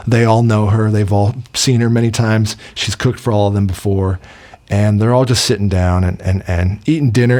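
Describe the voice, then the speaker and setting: A man's voice: fairly low pitch, darkish tone. Rambling man reviewing a film. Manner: rambling, with many fillers and restarts. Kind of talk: casual movie review.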